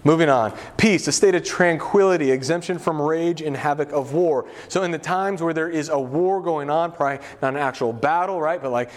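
A man's voice: on the high side, a little fast, hardly any pauses. A middle-aged male pastor preaching a casual, conversational sermon, full of asides, fillers and family stories.

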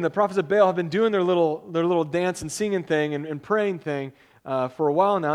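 A man, a pastor, giving a casual, conversational sermon with jokes, reading scripture aloud in a measured way. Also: high voice, animated.

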